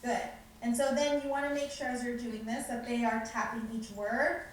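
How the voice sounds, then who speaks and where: A woman talks teachers through a preschool lesson routine, now and then switching into a bright voice as if addressing children. Her slightly high voice comes from some distance away. The school library around her rings with heavy echo, with faint noise underneath. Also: fairly even intonation, moderate pace. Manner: modeling lines in a bright teacher voice. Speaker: curriculum presenter. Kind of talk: teacher training presentation. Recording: echoey room, distant mic, faint noise.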